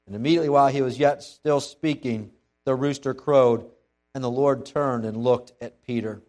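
A man preaching a sermon in a lively, conversational way, often restarting his sentences as he goes. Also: medium pitch, normal speed, faint music behind. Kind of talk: sermon with dramatic scripture readings.

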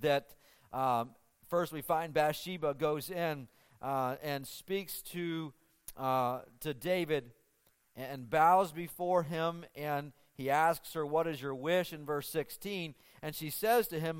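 Male preacher, fairly high clear voice, conversational sermon delivery with restarts. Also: slow pace. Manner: retells scripture in a conversational voice, with restarts and ums.

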